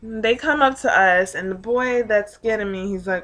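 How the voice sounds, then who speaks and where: A woman's voice: medium pitch, normal speed, hardly any pauses, a bit bright. A late-teen woman telling a rambling, profane story about her day in a casual vlog, full of "like" and asides. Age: late teens. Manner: rambling and profane, heavy use of "like". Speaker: vlogger.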